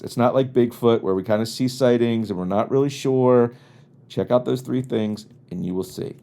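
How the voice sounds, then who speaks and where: A man's voice: lowish voice, vocal fry, warm tone. A man hosting a podcast, originally from the US East Coast, telling rambling, wry and exasperated comic stories in a casual monologue. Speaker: podcast host. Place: home studio in Los Angeles.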